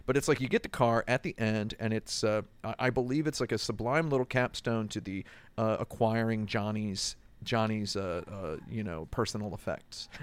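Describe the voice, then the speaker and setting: A man's voice: lowish voice, normal speed, hardly any pauses, smooth. A man in casual chat about a video game, rambling with restarts and acting out quotes.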